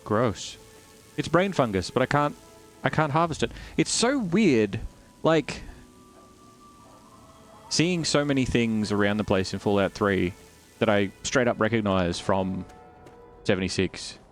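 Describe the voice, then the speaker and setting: A man's voice: on the low side, expressive, a little slow, faint music behind. Chatty male game streamer. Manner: casual, chatty, rambling. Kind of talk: let's play commentary.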